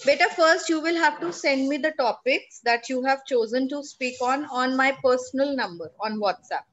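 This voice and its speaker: High-voiced Indian English teacher. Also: female voice, normal speed, a bit bright, a little hiss or hum. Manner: patient, questioning, coaxing pupils to answer. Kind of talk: classroom lesson.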